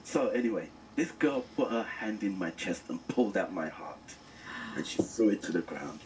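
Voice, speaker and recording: A middle-aged man as a radio guest, earnest and animated, telling stories as he reviews the news. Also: sits low, moderate pace, distant mic, a little hiss or hum, rough recording. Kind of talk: casual radio chat.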